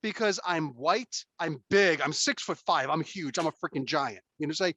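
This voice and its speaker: A man hosting a casual podcast chat, telling stories in an animated, emphatic way and swearing freely. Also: sits high, normal speed, few pauses, no echo. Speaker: podcast host.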